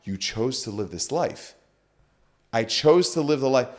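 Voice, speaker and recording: A man's voice: mid-range voice, animated, measured pace, darkish tone. A man on a podcast, telling a story with animation and acting out the quoted dialogue. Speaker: guest speaker.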